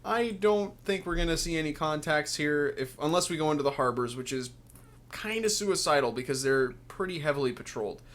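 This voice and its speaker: A man's voice: a little high, brisk, a bit bright. A man giving casual let's play commentary, sarcastic and grumbling, cursing and laughing at the game.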